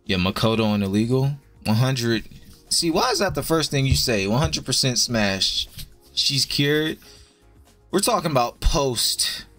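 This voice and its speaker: A young man streams over faint background music, talking slowly to his viewers. His verdicts are blunt and profane, and he tosses them off with a laid-back drawl at a middle pitch. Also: animated, a bit bright. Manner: chatty with viewers. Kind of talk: casual live-stream commentary.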